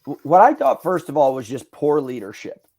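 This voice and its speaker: A man in his thirties hosting a podcast, telling stories in a casual, animated way, swearing freely and acting out what people said. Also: fairly high pitch, moderate pace. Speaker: podcast host. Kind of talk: casual storytelling chat.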